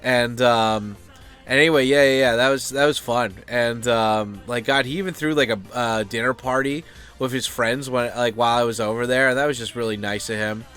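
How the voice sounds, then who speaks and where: A man's voice: mid-range voice, fairly even intonation, moderate pace, fairly bright tone, clean tone, faint music behind. Rambling, profane American man vlogging. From United States. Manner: loose, profane, full of fillers and asides. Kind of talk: rambling casual chat.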